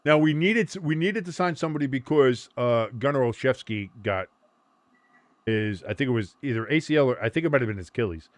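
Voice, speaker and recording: A man's voice: medium pitch, expressive, fairly quick, dry recording. A man hosting a casual sports watch-along stream, rambling, joking and swearing freely. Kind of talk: casual livestream chat.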